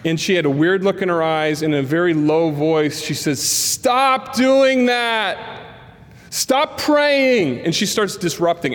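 A man preaching a sermon in a church, telling stories and acting out the voices of people in them. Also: fairly high pitch. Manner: animated storyteller acting out dialogue. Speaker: pastor. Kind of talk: sermon storytelling. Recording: long reverb of a large hall.

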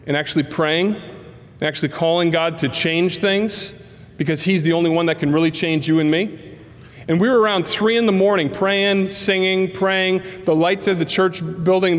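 A man preaching a sermon in a church, telling stories and acting out the voices of people in them. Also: a little high. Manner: animated storyteller acting out dialogue. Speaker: pastor. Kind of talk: sermon storytelling. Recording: long reverb of a large hall.

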